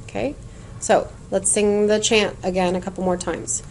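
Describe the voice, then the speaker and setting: A woman teaching Spanish in a recorded lesson, explaining clearly and patiently and chanting word lists in a sing-song rhythm. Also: medium pitch, level tone, moderate pace, darkish tone, a little hiss or hum.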